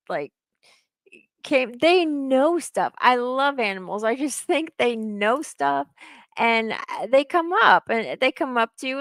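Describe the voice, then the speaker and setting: A woman's voice: high-pitched, a bit bright, no echo. Chatty woman co-host, dry sound. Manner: chatty, rambling questions. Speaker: co-host and interviewer. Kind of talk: casual live-stream interview.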